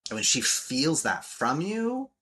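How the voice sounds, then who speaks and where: A man's voice: fairly high pitch, wildly swooping pitch, takes it slowly, sharp tone, slightly rough. A man speaking as a relationship coach in a podcast interview, emphatic and blunt, swearing freely and acting out quotes.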